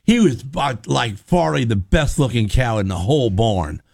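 A man's voice: medium pitch, sing-song, normal speed, vocal fry, darkish tone, dry recording. Rambling storytelling man, dry studio mic. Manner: rambling storyteller, acts out quotes. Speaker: guest telling a story. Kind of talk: casual radio chat.

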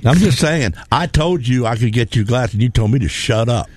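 A man co-hosting a relaxed studio chat, cutting in with short teasing jokes. His speaking pitch is in the everyday middle range. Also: fairly quick. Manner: teasing, wisecracking interjections.

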